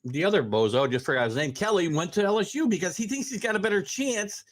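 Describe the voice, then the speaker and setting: A man's voice: high voice, expressive, fast. A man hosting a casual sports talk show, chatting and pushing back on his guest. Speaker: host.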